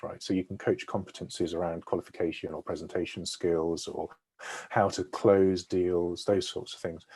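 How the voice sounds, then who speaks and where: A man with a deep, darkish, slightly rough voice gives a webinar talk as a sales consultant over a video call. He explains at length and checks in with his listeners along the way.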